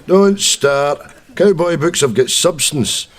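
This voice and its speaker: An actor with a Scottish accent playing a grumpy old man called Jack, bickering and grumbling in a sketch comedy. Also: slow. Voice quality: grumbling, bickering, lively pitch.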